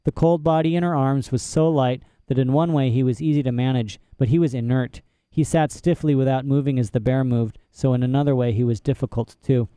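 Man reading an audiobook, warm mellow voice, smooth, dry close mic. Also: medium pitch, steady tone, brisk, few pauses, no room sound. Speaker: audiobook narrator. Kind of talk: scripted narration.

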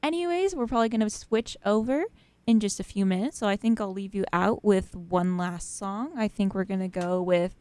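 A woman's voice: medium pitch, moderate pace, a little mellow, clear, resonant tone, dry recording. A young woman hosting college freeform radio, chatting casually and rambling between songs with lots of fillers and laughs. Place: radio studio.

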